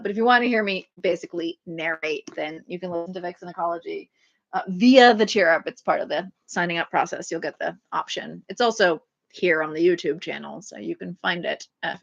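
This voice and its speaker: Woman, mid pitch, casual rambling livestream host, chatty with fillers; slightly muffled home stream audio. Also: vocal fry, fairly bright tone. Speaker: author hosting a livestream.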